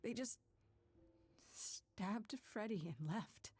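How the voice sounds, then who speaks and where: A woman's voice: mid-range voice, drawn-out words, a little mellow, slightly rough, dry recording. An actress playing a young woman singer who asks earnest, probing questions. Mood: questioning.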